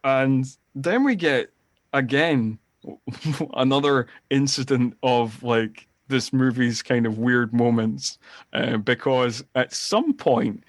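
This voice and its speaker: Male podcast co-host, medium pitch, dry close sound, rambling animated retelling of film scenes. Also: takes it slowly, dry recording. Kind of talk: casual film-review chat.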